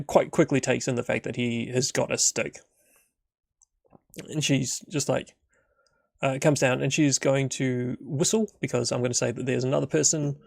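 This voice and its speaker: Guy, young adult, game master, rambling narration with fillers, creaky voice, dry room. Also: mid-range voice, no room sound. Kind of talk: solo tabletop game narration.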